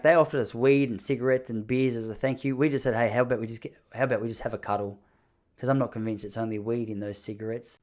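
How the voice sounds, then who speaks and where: Man telling stories animatedly. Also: medium pitch. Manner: animated, jokey storyteller. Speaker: podcast host. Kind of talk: casual storytelling.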